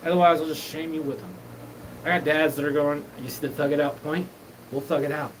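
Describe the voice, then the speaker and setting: A man hosting his own show delivers a rambling, disjointed live monologue full of profanity, jumping between topics. His voice is on the high side and steady in tone, brisk, against a noisy background.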